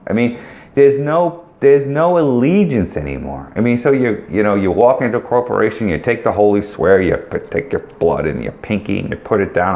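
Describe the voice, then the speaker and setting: A man's voice: on the low side, darkish tone. A middle-aged man giving blunt, joking career advice in a rambling monologue. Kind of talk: casual direct-to-camera monologue.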